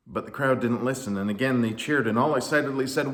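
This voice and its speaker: Animated male storyteller. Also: medium pitch, fast, hardly any pauses. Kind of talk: children's story narration. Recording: roomy echo.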